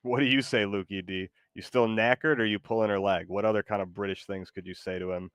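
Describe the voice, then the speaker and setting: A man's voice: lowish voice, steady tone, a little fast, fairly bright tone, clean tone, no echo, studio quality. A man streaming live, chatting with his AI co-host in a rambling way full of fillers.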